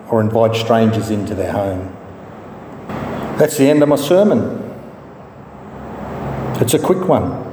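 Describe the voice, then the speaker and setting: A man preaching a sermon and telling a story in a measured, steady way. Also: medium pitch. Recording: echoey hall from far off, faint noise.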